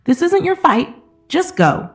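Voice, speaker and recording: A woman's voice: fairly high pitch, takes it slowly, faint music behind, pitched above the performer's own voice, full character voice. A woman voicing a fragile, trembling young teacher. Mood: pleading. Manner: trembling, pleading; calm and patient when teaching.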